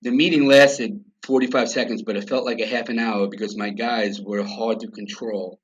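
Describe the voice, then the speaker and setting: A middle-aged man with a husky, rough-edged voice, talking a little low. He tells his stories bluntly, throwing in profanity and animated asides. The recording sounds dull and lo-fi. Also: moderate pace. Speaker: podcast guest. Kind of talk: casual storytelling.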